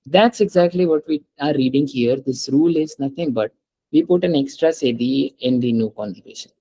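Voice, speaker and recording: A man's voice: medium pitch, moderate pace, warm tone, low-quality recording. A man teaching French in a one-on-one lesson, patiently explaining rules step by step and asking his student to read aloud.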